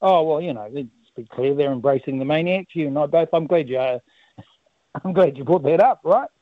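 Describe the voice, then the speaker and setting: A man's voice: fairly high pitch, moderate pace. A man with a New Zealand accent, a politician calling in to a radio interview, rambling and laughing often, with lots of fillers. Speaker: politician guest, campaign director. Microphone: phone. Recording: tinny phone line, dry.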